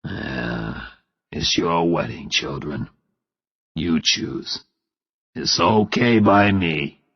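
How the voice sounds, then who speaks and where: A warm, plain-spoken older father talks in a friendly, easygoing way, as the man reading the story voices him. The voice is low and gravelly, with an unhurried pace. The recording sounds dull and lo-fi. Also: lively intonation, in a large hall, exaggerated voice. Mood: resigned.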